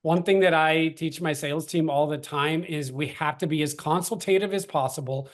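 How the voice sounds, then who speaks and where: Brief: male co-founder, a touch high-pitched, casual and filler-heavy. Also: normal speed. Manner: loose, filler-heavy, slangy, many restarts. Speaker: startup co-founder. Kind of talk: casual interview chat.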